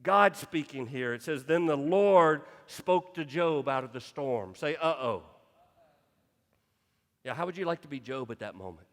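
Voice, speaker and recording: A man's voice: fairly high pitch, animated, unhurried, fairly bright tone, in a large hall. A man pastor preaching a sermon with passion, stumbling into restarts as he drives each point home. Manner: impassioned preaching with repeated restarts. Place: church sanctuary.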